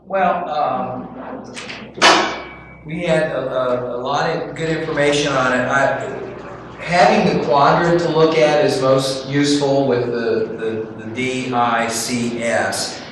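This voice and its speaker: A man in a group session giving a hesitant recap, halting with many fillers. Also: medium pitch, steady tone. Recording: very echoey room with background noise.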